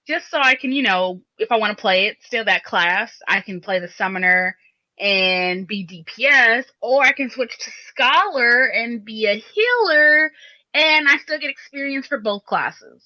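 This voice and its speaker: A woman's voice: fairly high pitch, lively intonation, measured pace, pushed and bright. A woman co-hosting a casual podcast, explaining things at length in a rambling way with many restarts. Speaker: podcast co-host. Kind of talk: casual chat. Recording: dull lo-fi podcast recording.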